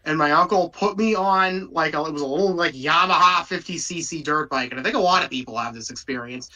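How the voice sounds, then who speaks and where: A man's voice: fairly high pitch, fairly quick, sharp tone. A man enthusiastically telling a nostalgic story in a group video chat. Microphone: video call. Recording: distant from the mic.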